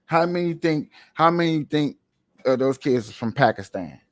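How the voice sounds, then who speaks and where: Male streamer, animated slangy rant, slightly raised pitch. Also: normal speed. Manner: animated, repetitive, slangy, rhetorical questions. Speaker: livestream commentator. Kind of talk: casual ranting commentary.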